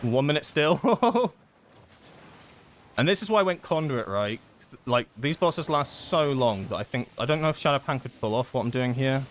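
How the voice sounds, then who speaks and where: A man giving live gameplay commentary, thinking aloud and excitedly pleading with his teammates. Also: mid-range voice, a little hiss or hum. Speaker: gaming content creator.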